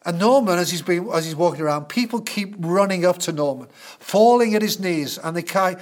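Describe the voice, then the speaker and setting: Brief: male preacher, high-pitched for a man, earnest storytelling sermon. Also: animated, fairly quick.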